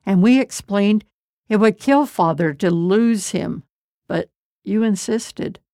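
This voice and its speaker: A woman's voice: mid-range voice, slow, warm tone, no echo, clean studio sound. A woman reading as Judah, a pleading grown man. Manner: earnest, pleading.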